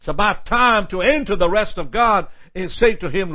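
A man's voice: high-pitched, moderate pace, highs cut off. A male pastor preaching a sermon with impassioned repetitions and prayerful asides.

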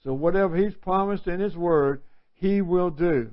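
A man's voice: sits high, moderate pace. A male preacher giving an earnest, conversational sermon full of rhetorical questions. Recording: dull lo-fi recording.

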